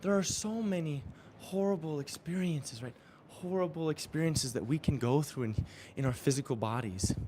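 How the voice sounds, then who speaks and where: A man's voice: on the high side, moderate pace, hardly any pauses, darkish tone, slight background noise. Earnest man giving a spiritual pep talk. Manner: earnest, affirming, chuckles often. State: exercising while talking. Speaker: spiritual coach. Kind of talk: live-streamed motivational talk.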